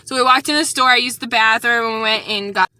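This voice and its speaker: A woman's voice: a little high, quick pace, bright, forceful tone. A woman vlogger earnestly recounting an unsettling encounter in a rambling, casual way and warning viewers to be careful. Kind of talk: casual storytime vlog.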